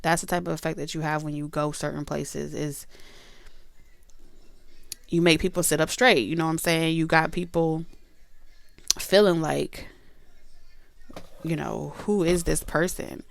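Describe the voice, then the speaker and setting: A woman's voice: low voice, steady tone, a little slow, vocal fry, pauses often, no room sound. A woman giving a casual tarot reading, chatty and emphatic, cursing freely and talking straight to her viewers. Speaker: tarot reader.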